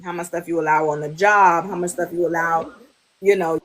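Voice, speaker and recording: Female podcast host, animated storyteller. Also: lowish voice, brisk. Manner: animated storytelling, acts out quotes. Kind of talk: casual chat. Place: livestream on a social app.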